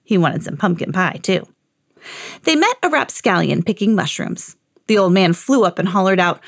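A woman's voice: lowish voice, expressive, moderate pace, no echo, studio quality. A woman, a mother, reading a children's picture book aloud in a sing-song storytelling way.

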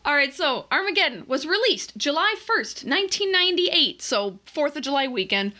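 A young woman co-hosts a relaxed movie podcast, chatting and laughing easily with the odd swear. Her voice sits high and swings around a lot, with a bright, sharp edge to it. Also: moderate pace. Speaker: podcast co-host. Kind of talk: casual movie review chat.

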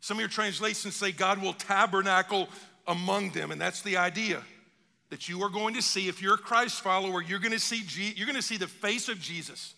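A pastor delivers an animated sermon, slipping into quick acted-out exchanges. His voice sits high for a man, with a gravelly rasp and a sharp, bright tone. It carries a long hall echo. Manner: animated preaching with acted-out dialogue.

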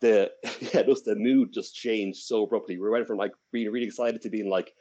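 Deep-voiced Irish man telling a rambling story. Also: a little fast, dark tone, highs cut off. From Ireland. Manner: rambling, with frequent restarts and fillers. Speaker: podcast co-host. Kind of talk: casual storytelling.

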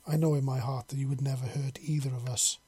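A man's voice: medium pitch, fairly even intonation, fast, mellow, husky. A man voicing a devoted young human man who speaks breathlessly in a storybook reading.

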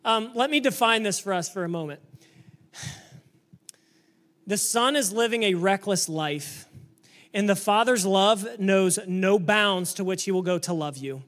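A man preaching a sermon to a church congregation, energetic and emphatic, sometimes building up to shouting. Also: high voice, a little slow, long pauses. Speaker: pastor.

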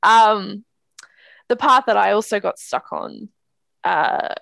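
A woman's voice: medium pitch, expressive, slow pace, vocal fry, a bit bright, dry recording. A woman in casual chat about a book, talking with many fillers and restarts. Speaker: podcast co-host discussing books.

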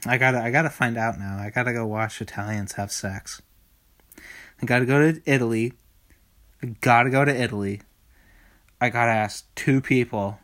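A man's voice: medium pitch, normal speed, long pauses, a bit bright. Male podcast host, solo comedy rant, crude and rambling, laughs a lot.

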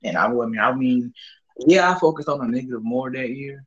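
A man's voice: mid-range voice, a little fast, breathy edge, muffled recording. A young man from the Southern US telling a rambling, profane story in a laid-back, casual chat. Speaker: podcast co-host.

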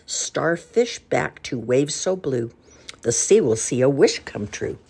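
A woman's voice: extremely low pitch, lively intonation, takes it slowly, vocal fry, a little mellow, breathy edge, full character voice. A grandmother voicing a grumpy old seaside hermit man who grumbles and speaks firmly. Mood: instructive. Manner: grumbling, firm.

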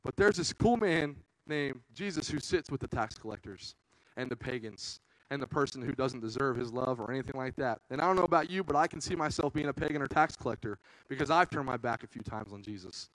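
A man's voice: mid-range voice, expressive, fairly quick, a bit bright, no echo, rough recording. A young man preaching a casual, earnest youth sermon, peppering his talk with "man".

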